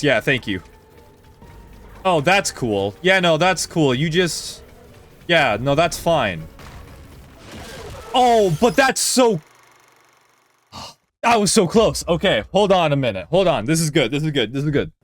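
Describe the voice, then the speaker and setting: A man's voice: fairly high pitch, big pitch swings, a little slow, long pauses, a bit bright, faint music behind. A man streaming a speedrun, giving loose live gameplay commentary, swearing freely and talking to his chat.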